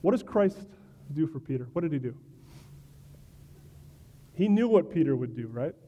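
A man gives a sermon in a fairly high, easy conversational voice. He asks rhetorical "right?" questions and stumbles into small restarts. He sounds like a pastor talking directly to his church. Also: very animated, moderate pace, mellow, highs cut off.

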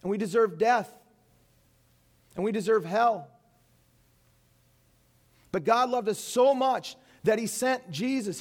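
A man preaching an Easter sermon as pastor, earnest, with rhetorical questions and light asides. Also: high voice.

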